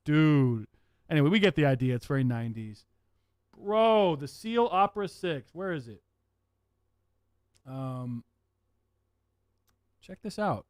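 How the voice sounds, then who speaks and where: A man hosting a livestream, chatting casually with viewers in an excitable, profane way and laughing often. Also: a little high, measured pace, pauses often, no echo, studio quality. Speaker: livestream host.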